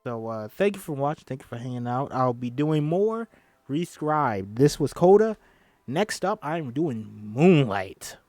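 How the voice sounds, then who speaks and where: A man's voice: mid-range voice, very animated, measured pace, a little mellow, no echo. A man reading a film script aloud on a stream, emotional and swearing casually between lines. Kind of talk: script read-aloud with commentary.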